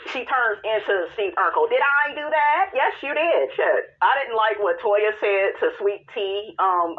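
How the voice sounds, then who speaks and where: Sassy woman recapping reality TV, phone-line sound. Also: mid-range voice. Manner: sassy, blunt, swears freely. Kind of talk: casual commentary.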